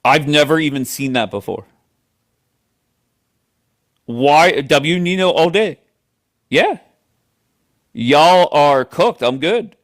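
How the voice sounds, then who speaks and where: A man's voice: a little high, animated, slow, pauses often. Blunt, mocking male stream host. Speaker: livestream host. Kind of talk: live-stream debate.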